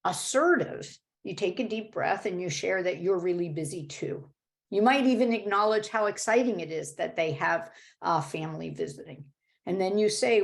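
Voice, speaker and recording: A woman's voice: mid-range voice, moderate pace, gravelly. A woman presenting a webinar workshop, explaining in a conversational way with frequent fillers and check-ins. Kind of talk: webinar teaching talk. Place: home or office video call.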